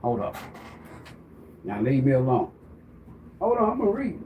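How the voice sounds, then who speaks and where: Animated middle-aged man preaching on a livestream. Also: fairly high pitch, fairly quick, long pauses, a little hiss or hum. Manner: animated, profane, preacher-like, addresses viewers directly. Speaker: tarot reader and livestream host. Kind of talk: rambling preachy livestream talk.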